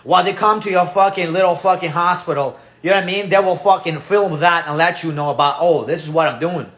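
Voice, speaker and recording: Russian-accented guy on his channel, high voice, swearing and ranting hard, repeats himself a lot. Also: fast talker, fairly bright tone. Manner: profane, repetitive, ranting. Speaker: channel host. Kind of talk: heated political rant.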